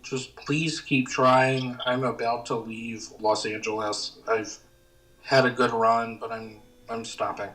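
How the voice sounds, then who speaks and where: A man in a casual livestream chat who asks pointed questions in a deadpan way. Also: medium pitch, slow. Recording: distant from the mic.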